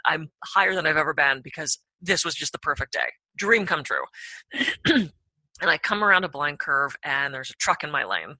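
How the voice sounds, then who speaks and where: A woman tells a personal story as a podcast guest, throwing her voice up high when she acts out her own reactions. Her tone is bright and edged. The recording is close and dry, with no room sound. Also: no echo. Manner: animated, acts out her own reactions with big pitch jumps. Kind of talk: storytelling anecdote.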